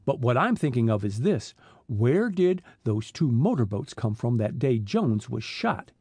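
A man doing a smooth, determined teen sleuth. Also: medium pitch, big pitch swings, a little slow, darkish tone, no room sound, exaggerated voice. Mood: thoughtful. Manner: smooth, persuasive. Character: clever, determined teenage boy detective.

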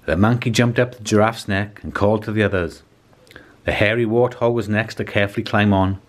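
Reading a picture book to children, this storybook reader uses a deep, low male voice. He keeps a calm, measured delivery with even pacing suited to a young audience.

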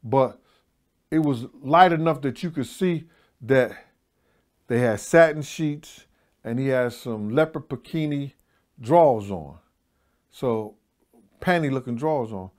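A man's voice: mid-range voice, lively intonation, a little slow, pauses often, darkish tone. A middle-aged man telling a story as an interview guest, blunt and profane, with a meandering, casual delivery.

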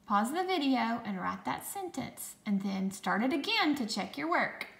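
Woman teacher, patient phonics lesson for kids, higher voice with a gravelly edge, echoey room. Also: sing-song, a bit bright. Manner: slow, patient, sounds out dictation sentences word by word. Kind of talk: recorded phonics lesson for children.

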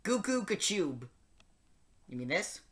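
A man's voice: sits high, sing-song, takes it slowly, a bit bright, full character voice. A man playing the Twelfth Doctor, a sardonic, grumpy older male alien time traveller, reading and singing lyrics in character with exasperated muttered asides.

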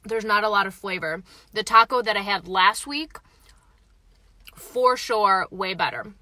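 A woman's voice: mid-range voice, unhurried, bright, forceful tone, no echo. A young woman in a parked car, reviewing a taco live on her phone and chatting frankly with viewers between bites. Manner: chatty, frank, reads viewer comments aloud; talks while eating. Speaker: vlogger reviewing tacos. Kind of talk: casual live-stream chat.

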